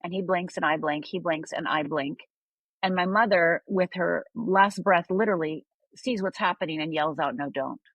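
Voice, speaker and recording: A woman's voice: fairly low pitch, normal speed, fairly bright tone, breathy edge, no echo, muffled recording. An older woman from Upper Michigan, a podcast guest telling a personal story candidly and often asking "right?". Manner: candid, confiding, checks in with tag questions.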